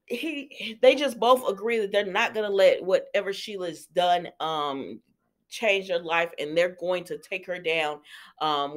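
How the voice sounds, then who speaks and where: A woman casually recapping a soap opera episode for her channel, chatty and animated, with lots of fillers as she tells the story. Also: lowish voice. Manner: animated storyteller, acts out lines, many fillers.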